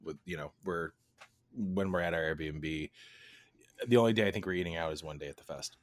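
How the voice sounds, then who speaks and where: A man with a very deep voice talks casually as a podcast co-host, rambling from topic to topic and laughing easily. The sound is dry and close. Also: a little fast, no echo. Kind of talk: casual chat.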